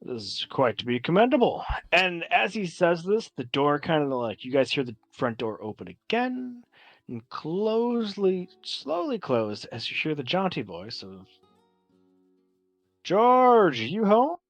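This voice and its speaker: A man's voice: a little high, very animated, moderate pace, no room sound, soft background music. A man narrating as game master of a tabletop game, talking loosely with many fillers.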